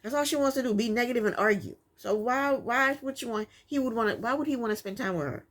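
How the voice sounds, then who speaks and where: A woman's voice: fairly high pitch, fast. A woman giving a casual, opinionated recap of a reality TV episode, sassy and exasperated. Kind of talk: casual commentary.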